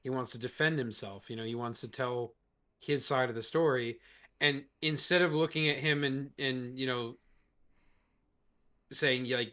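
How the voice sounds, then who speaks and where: A man's voice: medium pitch, steady tone, moderate pace, sharp tone. Man, podcast co-host, casual chat, blunt, swears a lot, emphatic.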